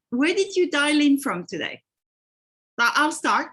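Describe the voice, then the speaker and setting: Woman, French accent, webinar host, friendly, greets people by name, fairly high voice, video call mic. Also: big pitch swings, measured pace, fairly bright tone. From France. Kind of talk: live online webinar.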